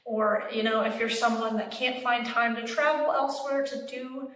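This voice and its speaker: A woman's voice: fairly high pitch, steady tone, moderate pace, fairly bright tone. A young woman who teaches fitness and demonstrates exercises, counting reps aloud and getting out of breath. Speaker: fitness instructor. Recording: echoey room from far off.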